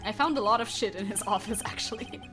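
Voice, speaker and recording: A woman's voice: mid-range voice, fast talker. Woman, streamer, giggly, chatty, casual swearing, faint background music. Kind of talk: casual gameplay chat with viewers.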